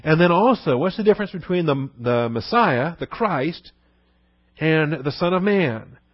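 A man's voice: on the high side, expressive, a little slow, no room sound, muffled recording. Man preaching with rhetorical questions. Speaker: pastor. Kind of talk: sermon.

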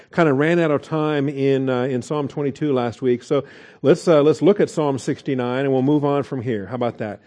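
A man's voice: medium pitch, warm tone. A middle-aged man preaching a conversational sermon, asking rhetorical questions and growing emphatic. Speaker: pastor.

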